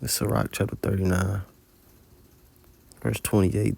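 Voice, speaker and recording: A man's voice: sits low, fairly even intonation, normal speed, creaky, pauses often, dark tone. A man giving an informal religious testimony, telling a dream in colloquial, profanity-laced storytelling. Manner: colloquial storytelling with heavy cursing. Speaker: religious teacher recounting a dream.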